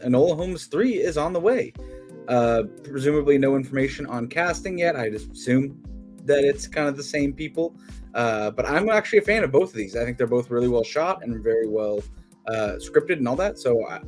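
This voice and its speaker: A man's voice: medium pitch, lively intonation, brisk, darkish tone, soft background music. Easygoing man reading movie news. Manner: easygoing, reads headlines. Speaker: co-host. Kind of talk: casual movie news chat.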